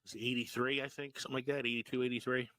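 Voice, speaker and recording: A man's voice: medium pitch, flat delivery, very fast, sharp tone, no room sound. A man in his forties co-hosting a podcast, telling stories with lots of laughs and swearing. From Philadelphia, US. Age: 40s. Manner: laughs often, profane storytelling. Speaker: podcast co-host. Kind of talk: casual chat.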